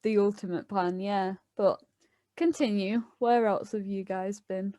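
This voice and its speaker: A woman's voice: medium pitch, a little slow, no echo, studio quality. A young British woman casually chatting with her bandmates on a podcast and prompting them to go on. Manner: relaxed, prompts others to talk. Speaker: band member podcast co-host. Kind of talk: casual chat.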